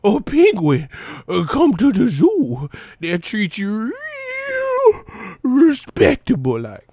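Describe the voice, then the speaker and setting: A giddy, childish grown man squeals in a high, singsong voice, as a man puts him on, drawing out his words. The silliness swoops up and down. The sound is dry and close. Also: huge pitch swings, a little mellow, dry recording, full character voice. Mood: giddy silly. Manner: squealing, drawn-out, singsong delivery.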